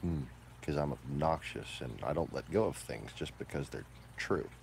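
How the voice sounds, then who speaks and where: A man delivering a profane, combative ranting monologue, moving between low mutters and loud outbursts. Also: animated, moderate pace, creaky, a little hiss or hum.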